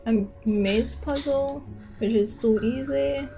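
A woman's voice: sits high, slow, gravelly, mellow, faint music behind. A young woman from Boston giving sarcastic let's-play commentary over a game. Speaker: gaming streamer.

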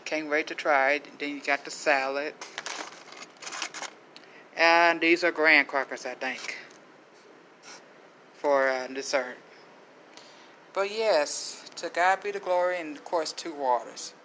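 Middle-aged woman vlogger, slow easy chat, blessings sprinkled in, faint background noise. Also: deep voice, pushed and bright, poor audio. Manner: slow, chatty, faith-filled asides. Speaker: vlogger showing a food haul. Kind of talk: casual chat to camera.

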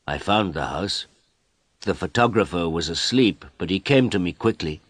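Lively low-voiced male storyteller. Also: no echo. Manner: plain, slow, clear first-person narration. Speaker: storyteller for English learners. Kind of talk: storybook reading.

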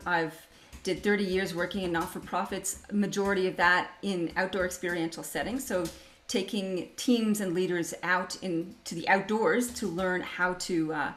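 A woman's voice: on the low side, slight background noise. A middle-aged Canadian woman presenting a leadership webinar over a video call, chatty and upbeat, laughing often. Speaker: leadership speaker hosting a webinar.

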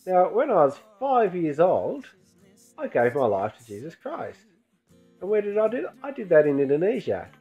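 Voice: medium pitch, a little mellow. A presenter giving a short, friendly, earnest testimony to children on a church show. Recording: dull lo-fi sound with faint music.

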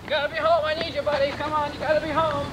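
A frantic, pleading friend, played by a teenage boy, his high voice rushing as he begs for help. The sound is a hissy lo-fi home video recording with heavy background noise. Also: level tone. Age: teens. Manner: pleading, desperate. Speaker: desperate friend begging for help.

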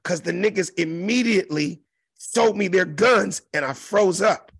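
Brief: comedian in his fifties from South Central LA, animated and profane storyteller, high and gravelly, dry close sound. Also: measured pace, dry recording. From South Central Los Angeles. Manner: profane, animated, acts out the other voices. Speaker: comedian guest.

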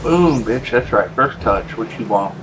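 A man's voice: medium pitch, expressive, measured pace, noisy background. Swearing gamer ranting at his team. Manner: ranting, swears a lot, yells at teammates. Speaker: gameplay streamer. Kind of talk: casual gameplay commentary.

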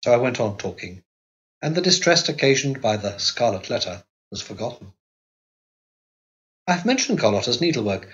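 A man narrating an audiobook in a measured, even reading voice. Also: mid-range voice, lo-fi sound. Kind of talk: scripted narration.

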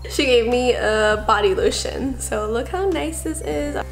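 A young woman chats casually to her camera, gushing over each thing and leaning on "like" and "I don't know." Her voice sits a little high. Faint music plays underneath. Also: unhurried. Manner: gushing, chatty, repeats fillers like "like" and "I don't know". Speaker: vlogger. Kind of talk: casual vlog chat.

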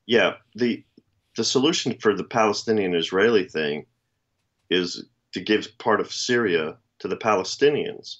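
A man's voice: on the low side, measured pace, fairly bright tone, muffled recording. A man co-hosting a political commentary chat, speaking in a rambling, emphatic, and sardonic way. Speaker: co-host.

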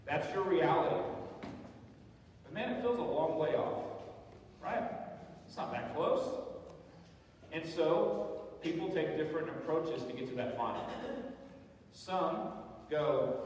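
Male pastor, conversational sermon, slightly high voice, distant mic in a reverberant church hall. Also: a little slow, long pauses, darkish tone, slight background noise. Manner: conversational preaching with frequent "right?" asides. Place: church sanctuary. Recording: echoey church hall, voice from far off.

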